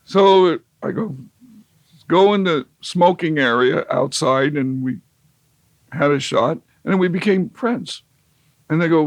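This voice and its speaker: Slow-talking rambling man telling a story. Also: a little high, dry recording. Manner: rambling, wry, many fillers and restarts. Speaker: interview guest, musician. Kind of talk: casual storytelling.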